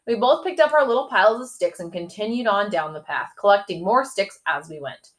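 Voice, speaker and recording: A woman reading a children's chapter book aloud, lively and animated, stopping now and then to ask the listener questions. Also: mid-range voice, brisk, hardly any pauses. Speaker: storyteller.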